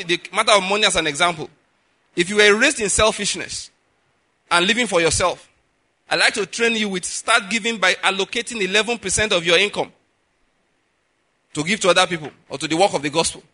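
A man's voice: high-pitched, fairly quick, sharp tone. A man preaching a sermon as a pastor, emphatic, often checking in with the listeners with asides. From Nigeria.

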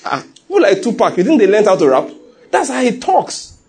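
A middle-aged man preaching a sermon, telling stories with animated quoted voices and frequent laughs. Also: sits high, fairly quick, breathy edge. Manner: animated storytelling, laughs often, acts out quotes. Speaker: pastor.

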